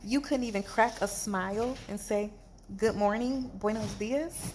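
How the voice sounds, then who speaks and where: A woman telling a storytime vlog from a hospital bed after surgery, animated and exasperated, in pain. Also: medium pitch, unhurried, slight background noise. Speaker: vlogger.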